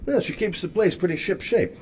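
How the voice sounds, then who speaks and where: A man's voice: high voice, animated, brisk, darkish tone, slight background noise. A man voicing a weary, persistent male private detective in a video game, talking in terse, clipped lines. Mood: wry. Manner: terse, clipped inner thoughts. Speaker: game character.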